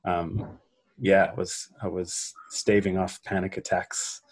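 A man, a songwriter, reflecting in an interview in a halting, soft-spoken way from his home garage. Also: low voice, little pitch movement, husky. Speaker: songwriter guest.

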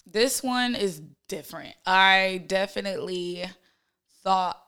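Casting note: laid-back Southern Californian co-host, gravelly edge, bright tense tone, slangy casual chat. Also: medium pitch, slow.

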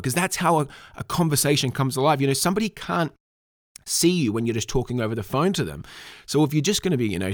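Male sales trainer, energetic and emphatic, mid-pitched, dry recording. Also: no echo. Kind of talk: instructional talk.

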